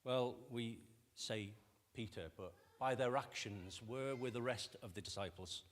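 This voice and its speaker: A man's voice: medium pitch, a little slow. A man preaching a sermon, talking conversationally and putting rhetorical questions to his congregation. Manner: acts out quoted voices with lively shifts. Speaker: pastor. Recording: long reverb of a church hall.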